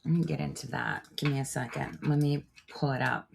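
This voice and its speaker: Low-voiced woman hosting a livestream. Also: fairly even intonation, brisk, gravelly, noisy background. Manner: chatty, trails off while working her screen. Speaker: show host. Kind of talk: casual livestream talk.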